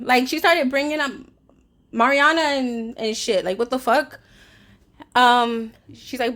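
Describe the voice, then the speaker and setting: Woman, storytime vlog, heated, swears a lot, slightly high voice. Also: moderate pace, a bit bright. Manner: heated, swears often, reenacts both sides of an argument. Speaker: vlogger; caregiver.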